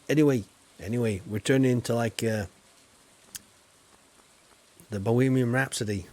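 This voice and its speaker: A man's voice: medium pitch, steady tone, normal speed, long pauses, dark tone. A man rambling casually with lots of fillers while he streams a game. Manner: rambling, chatty, with many fillers. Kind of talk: casual live-stream chatter.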